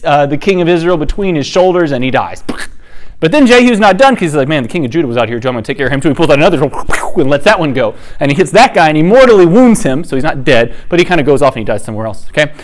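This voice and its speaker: Guy with a slightly high voice casually retelling bible stories, jokey and chatty. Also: expressive, fast. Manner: humorous, chatty, acts out the characters' lines. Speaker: podcast host teaching the Bible.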